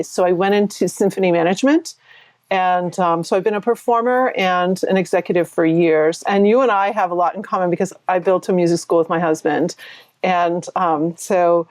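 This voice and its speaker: A woman in her sixties from New Hampshire, a performance coach telling her story as an interview guest in a chatty, animated way with frequent laughs. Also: mid-range voice, no echo. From New Hampshire, USA. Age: 60s. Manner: chatty, laughs often, animated retelling with quoted voices.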